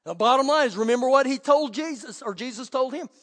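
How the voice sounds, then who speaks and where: High-voiced preaching man in a reverberant hall. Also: fast. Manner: animated preaching, swings from loud to hushed. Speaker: pastor. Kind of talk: sermon.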